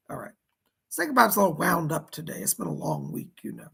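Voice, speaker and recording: A hoarse man giving live psychic readings, passing on spirit messages in quick "he said, she said" bursts. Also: sits high, sing-song, fairly bright tone. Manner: relays spirit messages in rapid "he said" quotes. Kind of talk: livestream readings, casual and excitable.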